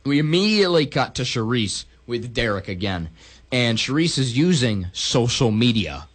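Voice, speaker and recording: Animated man recapping a movie. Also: medium pitch, normal speed. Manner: animated, acts out characters' lines; profane, joking. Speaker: podcast co-host. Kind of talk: casual chat recapping a movie.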